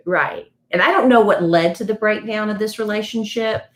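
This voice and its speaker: A woman's voice: mid-range voice, moderate pace. A woman co-hosting a podcast, chatting casually and telling celebrity gossip like a story. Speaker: podcast co-host. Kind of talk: casual chat.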